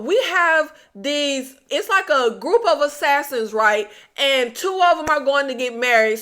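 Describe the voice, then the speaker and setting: A woman's voice: sits high, sharp tone. A woman reviewing films in casual chat, blunt and exasperated, talking straight to her viewers. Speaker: movie reviewer.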